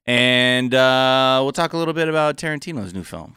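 A man's voice: mid-range voice, moderate pace, bright, forceful tone, smooth, no room sound, clean studio sound. A man hosting a casual comedy podcast, loose and playful, swearing freely. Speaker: podcast host.

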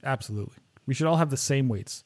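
Guy co-hosting a podcast, loose and jokey, laughs a lot, normal pitch. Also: quick pace, darkish tone. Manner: laughs often, loose and joking. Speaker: podcast co-host. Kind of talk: casual chat.

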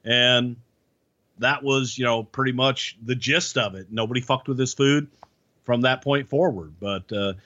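A male guest rambles through anecdotes, leaning on fillers. His voice is bright, but the line is dull and lo-fi. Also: medium pitch, measured pace. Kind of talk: casual chat, anecdotes.

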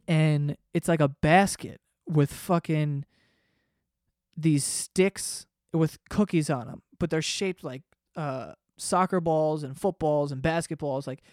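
A man's voice: on the high side, darkish tone, no room sound, clean studio sound. A man hosting a podcast, telling a story in a casual, rambling, profane way. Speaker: podcast host.

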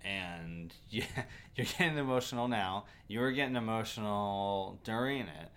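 A man's voice: lowish voice, fairly bright tone. Hesitant man co-hosting a film podcast. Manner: measured, fact-checking, many ums and restarts. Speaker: podcast co-host. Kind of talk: casual movie review chat.

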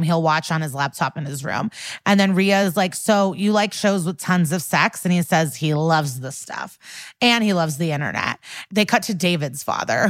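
A woman's voice: fairly low pitch, no room sound, studio quality. A woman co-hosting a podcast, casually recapping an episode and acting out lines from it with laughing asides. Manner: retells scenes with quick quoted lines, laughing asides. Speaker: podcast co-host.

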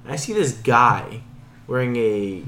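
A man in a casual podcast chat, talking in a relaxed way and laughing through his stories. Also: mid-range voice, measured pace, a little hiss or hum.

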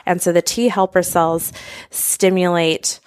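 A woman with a notably low voice explains health topics in a relaxed podcast conversation. She reaches for homely comparisons and sometimes restarts her sentences. The recording is dry and close. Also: measured pace, clean tone, dry recording. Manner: thoughtful, uses everyday analogies, some restarts. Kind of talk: explanatory casual chat.

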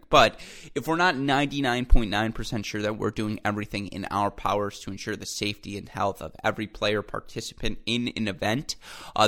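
Low-pitched male podcast host, upbeat and chatty, talks straight to his listeners. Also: vocal fry, a bit bright. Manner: enthusiastic, chatty, addresses listeners as folks. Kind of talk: solo podcast commentary.

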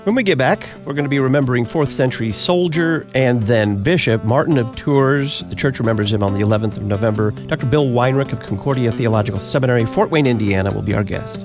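A man hosting a radio talk show who asks questions and reads announcements in a measured, clear delivery. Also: medium pitch, music in the background. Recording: dry studio mic.

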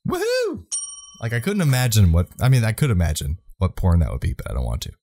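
A man's voice: on the low side, wildly swooping pitch, fast talker, a little mellow, slight background noise. A man co-hosting a casual podcast, laughing often and blurting out swears. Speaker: podcast co-host.

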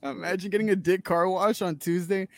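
A man's voice: high voice, steady tone, a little fast, vocal fry, a crowd in the background. A man co-hosting a podcast, laughing often while saying he feels terrible about the story. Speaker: podcast co-host. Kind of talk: comedic podcast banter.

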